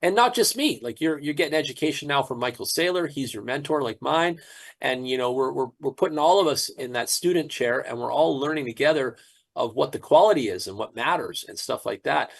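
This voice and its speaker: A man's voice: mid-range voice, animated, fairly quick, creaky. A man promoting a crypto platform in a casual, preachy pep talk, often repeating words.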